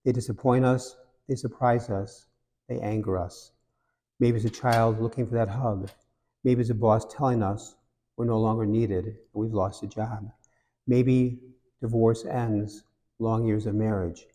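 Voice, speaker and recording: A man's voice: lowish voice, fairly even intonation, measured pace, dark tone, long reverb tail. A man, a priest and cathedral rector, giving a conversational homily and telling jokes between reflections. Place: large cathedral.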